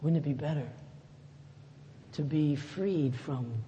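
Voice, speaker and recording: A pastor giving a sermon in a conversational way, rising to loud emphatic lines and dropping to soft, low asides. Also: male voice, slow pace, highs cut off, slight background noise. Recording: echoey hall with faint ambience.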